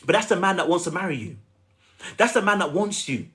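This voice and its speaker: Man, coaching on a livestream; animated and emphatic, with a fairly high voice. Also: a little fast. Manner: animated, repetitive, emphatic and chatty. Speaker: dating coach.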